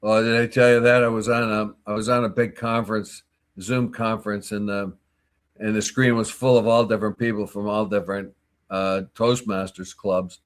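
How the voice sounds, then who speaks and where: A man's voice: on the low side, normal speed. Chatty man telling anecdotes. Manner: animated storyteller, opinionated. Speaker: co-host. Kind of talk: casual chat.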